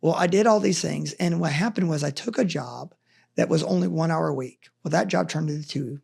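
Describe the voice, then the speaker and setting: A man's voice: a little high, fairly quick, creaky, darkish tone, husky. A middle-aged man, a justice of the peace, telling his life story on a podcast in an earnest, preachy way. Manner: earnest, preachy, urgent encouragement. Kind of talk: casual storytelling in a podcast interview.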